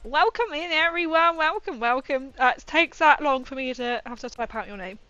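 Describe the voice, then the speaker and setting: A woman's voice: sits high, fairly quick, a bit bright, dry recording, dull audio, faint music behind. A young woman chatting casually on a livestream while building a model, rambling and often laughing.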